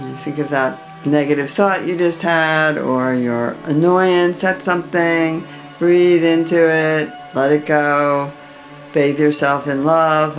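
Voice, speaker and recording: A woman teaching a guided chakra meditation, giving slow, soothing instructions between chanted mantras. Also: low-pitched, steady tone, soft background music.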